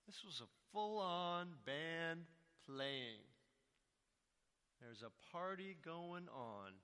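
A male pastor preaches in a high, very lively voice that swoops up and down, chatting with the congregation through rhetorical questions. His tone is crisp and very bright, and it echoes through a reverberant hall. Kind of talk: sermon.

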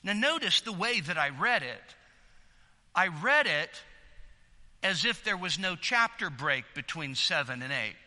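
Bright-voiced preacher in a reverberant hall. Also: male voice, sits high. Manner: earnest, emphatic, repeats words when building a point. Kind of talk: sermon.

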